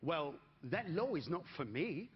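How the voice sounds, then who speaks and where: A man voicing a calm, smug Englishman with an English accent who talks low and unbothered. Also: fairly quick. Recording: dull live stage recording, audience noise.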